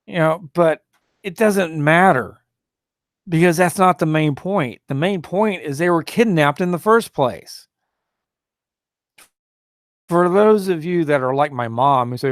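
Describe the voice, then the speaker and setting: A man hosts a solo talk show, rambling and indignant, full of fillers and restarts, and he mocks opposing views in a raised, sneering voice. His pitch is fairly high, his pace measured with frequent pauses, and the studio-quality recording has no echo.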